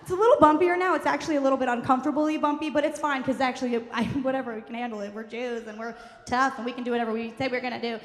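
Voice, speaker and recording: A woman telling a comic personal story on stage, fast, wry and profane, recorded in a live venue hall. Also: high voice, steady tone. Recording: echoey hall, faint room noise.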